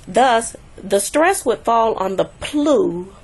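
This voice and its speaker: A woman teaching a recorded language lesson, patiently repeating example words slowly to show the stress. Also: on the high side, expressive, slightly rough. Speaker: Spanish teacher.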